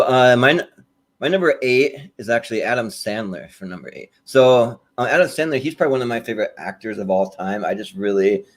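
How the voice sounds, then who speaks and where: Rambling low-voiced man. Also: darkish tone. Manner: rambling, many fillers and restarts, laughs often. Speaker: podcast co-host. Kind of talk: casual chat.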